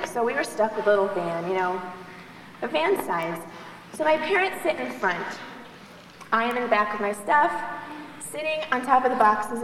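A woman's voice: fairly high pitch, close to an everyday voice. A young woman playing a gushing spoiled freshman. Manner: gushing, self-absorbed, talks on and on. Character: chatty spoiled female college freshman moving in. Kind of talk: live stage skit. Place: large hall, on stage. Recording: echoey hall from far off, noisy.

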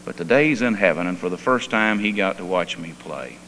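A man's voice: low voice, animated, a little fast, a bit bright, a little hiss or hum, low-quality recording. A male pastor voicing a grieving young football player inside a sermon story. He speaks earnestly and from the heart.

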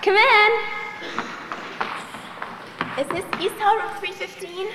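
A woman's voice: high-pitched, animated, unhurried. A young woman playing a chatty, self-absorbed college freshman in a live stage skit, gushing on and on about herself. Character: chatty spoiled female college freshman moving in. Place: large hall, on stage. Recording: echoey hall from far off, noisy.

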